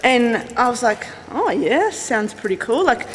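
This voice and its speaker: A woman's voice: on the high side, big pitch swings, measured pace, in a large hall. A woman, a graffiti artist and art teacher, chatting casually in an interview, rambling and laughing often. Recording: noisy on-location recording.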